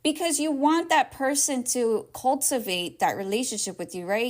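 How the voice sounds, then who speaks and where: A woman's voice: fairly high pitch, normal speed, hardly any pauses. A woman hosting a casual advice podcast, talking in a rambling, heartfelt way, sometimes close to tears. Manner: rambling and heartfelt, with many "like", "right?" and "y'all". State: emotional, near tears at times. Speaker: podcast host.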